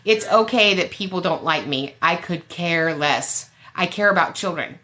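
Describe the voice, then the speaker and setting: Brief: lower-pitched woman advocate, punchy and bright-toned, blunt and sassy when giving advice. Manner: emphatic, blunt and sassy, with quick jokes. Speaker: special education advocate. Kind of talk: fiery advice on a live Q&A show.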